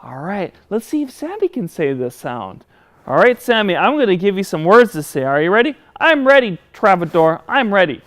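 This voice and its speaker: A man's voice: high voice, a little fast. A man hosting a children's educational show who teaches speech sounds and speaks directly to kids at home. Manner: animated, talks straight to kids at home.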